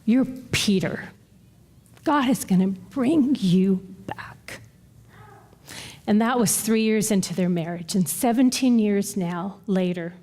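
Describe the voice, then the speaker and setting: A woman's voice: a little high, darkish tone, in a large hall. A woman leading a Bible study, earnestly teaching and retelling stories with quoted dialogue. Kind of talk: conversational teaching and storytelling.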